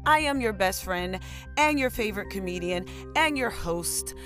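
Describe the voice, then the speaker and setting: A woman with a deep voice hosting her own podcast in casual chat, energetic and playful. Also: normal speed, over music. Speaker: podcast host and comedian.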